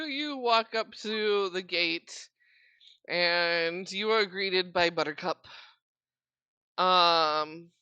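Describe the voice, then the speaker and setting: A woman's voice: lowish voice, sharp tone, clean tone, no echo. A woman narrating as game master of a tabletop game, casual and often laughing.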